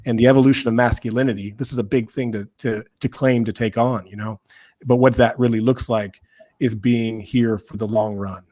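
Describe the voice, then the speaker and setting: Appearing as a podcast guest, this founder of men's work speaks briskly in a medium-pitched, slightly mellow voice with fairly even intonation. His talk is impassioned yet conversational, earnest and preacherly, with phrases repeated for emphasis, recorded either remotely or in a studio.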